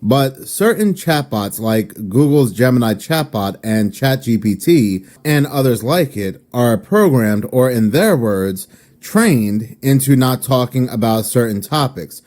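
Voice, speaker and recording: A man narrating a cautionary story in casual commentary, steady in his retelling. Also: mid-range voice.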